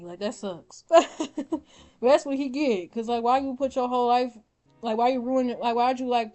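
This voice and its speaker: A young woman vlogger giving casual, opinionated commentary, animated and blunt, often laughing and swearing. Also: a little high. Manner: animated, swears, laughs often, mimics her own reactions. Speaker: vlogger ranking reality show contestants.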